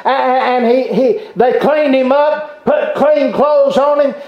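A man preaching a sermon, fervent, with halting restarts and bursts of shouting. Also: extremely high pitch, fairly even intonation. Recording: echoey room, dull lo-fi sound.

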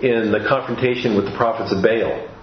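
A man's voice: fairly low pitch, steady tone, fairly quick, a little hiss or hum. A man preaching a sermon in a church, earnest and given to restarts and repeated words. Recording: roomy, dull-sounding recording.

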